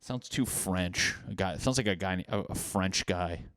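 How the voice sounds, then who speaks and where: Young male podcast host, solo comic monologue, rambling and self-deprecating, smooth tone, dry close sound. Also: deep voice, moderate pace, fairly bright tone, no room sound. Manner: rambling, self-mocking, bursts into mock voices.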